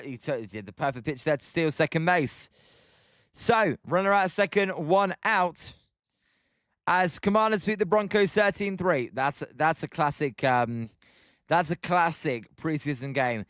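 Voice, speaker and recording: British male stream host, high smooth voice, dry close sound, casual play-by-play mixed with viewer chat. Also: lively intonation, unhurried, dry recording. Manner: chatty, answers viewer shout-outs between pitches.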